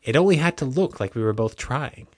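A male audiobook narrator voicing a smug, calm young man who speaks in a smooth, easy, unbothered tone. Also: mid-range voice, fairly quick, no echo, clean studio sound, lightly acted.

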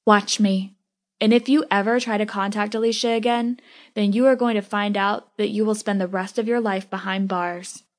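A woman's voice: medium pitch, fairly even intonation, moderate pace, natural voice. A woman voicing a protective young woman who pleads earnestly with her best friend. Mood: defiant.

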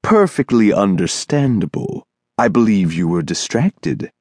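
A man voicing an eerie, towering thin male stranger in an audiobook, with a musical, sing-song voice and a slow, coaxing, commanding manner. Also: on the low side, big pitch swings, a little mellow, no echo, clean studio sound. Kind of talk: audiobook character voice.

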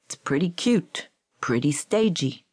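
A woman's voice: low-pitched, lively intonation, darkish tone, husky, no room sound, clean studio sound, exaggerated voice. A woman reading the part of a brash male New York poet, answering back with sarcasm in a raised voice. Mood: defensive. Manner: sarcastic, quick retorts.

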